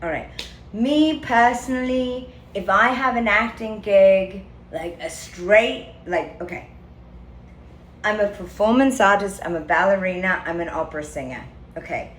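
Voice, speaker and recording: A woman's voice: mid-range voice, a little slow. A woman venting to her viewers in a comedic, rambling monologue, theatrical and full of swearing and filler words. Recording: echoey room with faint ambience.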